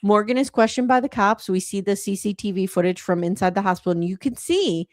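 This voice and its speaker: A woman hosting a podcast, chatting casually and retelling events in a lively storytelling way. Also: medium pitch, a little fast, no echo, studio quality. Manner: animated storytelling with acted quotes. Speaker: podcast host. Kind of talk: casual chat recapping a documentary.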